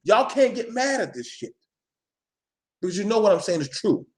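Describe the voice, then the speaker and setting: A man with a high voice for a man, ranting live to his viewers. He is blunt, preachy and swears freely, hammering his point again and again like a street-corner lecture. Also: very animated, normal speed, darkish tone. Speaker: vlogger addressing his viewers.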